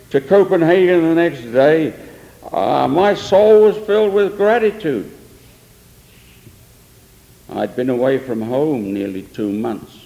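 An older male preacher tells a story as sermon testimony, earnest and rising in emphatic swells. His mid-range voice is creaky and darkish, and the recording carries the long echo of a large hall.

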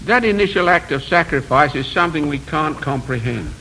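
Male preacher, high voice, earnest rhetorical sermon delivery. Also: expressive, fairly quick, sharp tone, slight background noise, poor audio. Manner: earnest, rhetorical, rising emphasis on repeated phrases; self-deprecating asides.

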